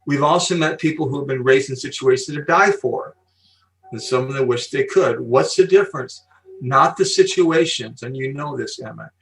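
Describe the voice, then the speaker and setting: An older man, a guest speaker on psychology, telling stories and explaining ideas slowly and emphatically in an interview. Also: mid-range voice, far from the mic, poor audio. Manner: emphatic, slow deliberate pauses, storytelling. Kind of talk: podcast interview.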